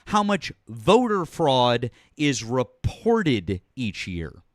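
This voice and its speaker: A man's voice: mid-range voice, wildly swooping pitch, extremely slow, no room sound, clean studio sound. A man hosting a live call-in debate show, talking over his caller in a mocking, condescending way. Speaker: host.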